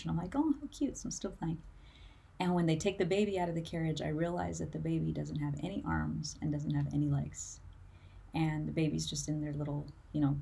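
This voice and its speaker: A woman's voice: low voice, gravelly, darkish tone, husky. A woman music career coach talking to camera in an earnest, emotional way, tearful at times and full of "like" fillers. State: tearful, near crying. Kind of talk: motivational talk to camera.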